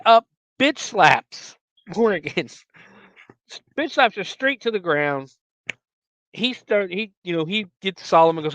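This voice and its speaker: A man's voice: high voice, lively intonation, takes it slowly, a bit bright, no echo, low-quality recording. A man hosting a podcast, recapping a movie in a casual, rambling way with many fillers and self-corrections. He acts out the characters' lines along the way. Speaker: podcast host.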